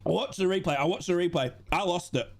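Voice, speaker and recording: A man hosts a live football watch-along stream. His voice sits a little high. He calls the play for his chat and reads out the scores in a steady voice. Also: quick pace, creaky. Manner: excitable, shouting at big moments; steady score round-up reading. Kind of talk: live match commentary to chat.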